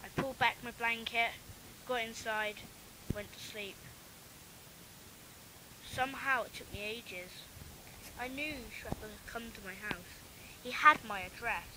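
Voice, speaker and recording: A woman's voice: on the high side, unhurried, long pauses. A woman reading her own homemade story in plain, earnest first-person narration. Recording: noisy home recording.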